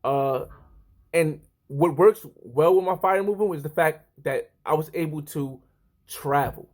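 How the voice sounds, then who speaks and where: A man's voice: on the high side, a little slow. A man in his thirties talking casually to the camera, rambling and often correcting himself. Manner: rambling, self-correcting, lively. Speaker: vlogger.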